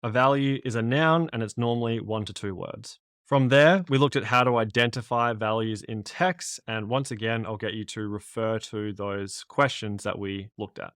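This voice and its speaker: A man's voice: lowish voice, normal speed, fairly bright tone, clear, resonant tone, dry recording. Aussie guy teaching an english lesson, dry close sound, explains things step by step. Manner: methodical, recaps and signposts each step. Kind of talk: lesson explaining exam concepts.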